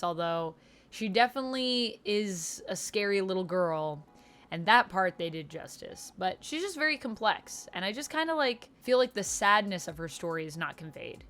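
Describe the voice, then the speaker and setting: A woman's voice: fairly low pitch, a bit bright. A woman talking casually and enthusiastically in a book review vlog, full of fillers as she shares her thoughts. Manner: chatty and enthusiastic, lots of "like" fillers.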